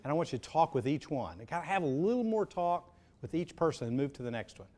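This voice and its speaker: A man coaching speakers in a live public speaking workshop, brisk and encouraging, giving direct feedback. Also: fairly high pitch, expressive, darkish tone. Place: seminar room. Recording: echoey room, faint background noise.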